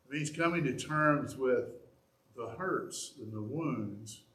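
A man preaching a sermon, animated and acting out little examples as he goes. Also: medium pitch, takes it slowly. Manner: animated, acts out examples with shifts in loudness. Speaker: pastor. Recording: echoey room.

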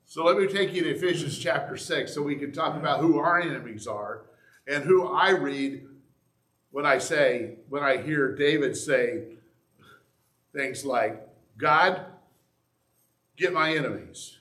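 A man's voice: a little high, a little slow, a bit bright, reverberant. A man, a pastor, preaching a sermon in a conversational, earnest way, teaching from the Bible.

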